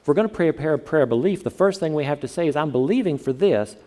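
A man from the southern United States preaches a sermon in a fairly high, lively voice, talking fast with a warm tone. He's a pastor with a conversational style who keeps putting questions to his congregation.

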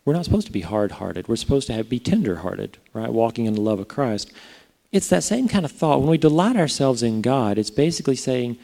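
A man's voice: medium pitch, big pitch swings, brisk, vocal fry, mellow. A man preaching a sermon in a conversational way, often putting rhetorical questions to his listeners. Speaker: pastor.

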